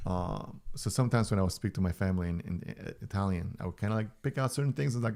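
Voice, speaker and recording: A man's voice: sits low, fast talker, creaky, hardly any pauses, darkish tone. A man in his forties, a native Spanish speaker, chatting casually and playfully on a live stream, joking and chuckling often. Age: 40s.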